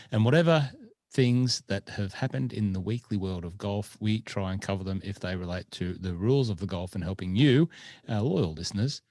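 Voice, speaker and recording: A man's voice: on the low side, a little mellow, no echo. A man hosting a podcast, chatting casually and rambling with lots of fillers. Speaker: podcast host. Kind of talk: casual chat.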